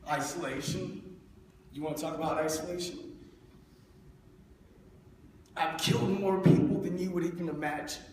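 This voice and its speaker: A man's voice: fairly high pitch, steady tone, moderate pace, long pauses, slight background noise, lightly acted. Man playing a bitter, haunted veteran. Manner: bitter, confrontational. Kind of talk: live stage monologue. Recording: echoey hall from far off.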